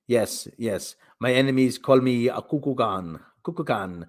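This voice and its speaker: A man voicing a proud, regal male undersea king who speaks in slow, solemn pronouncements. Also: mid-range voice, animated, voice pushed down, lightly acted.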